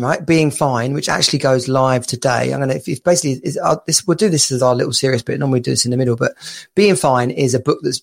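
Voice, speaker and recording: A man, co-host of a chat show, telling stories in a relaxed, chatty way with frequent restarts and laughs. His voice sits at a middle pitch with a gravelly, fry-laced edge. He is heard through a video call. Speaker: podcast co-host and dad coach. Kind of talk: casual chat.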